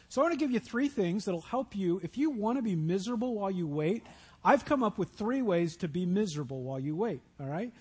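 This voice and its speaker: Man, pastor; high, husky voice; storytelling sermon delivery. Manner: storytelling preacher acting out Bible scenes in voices.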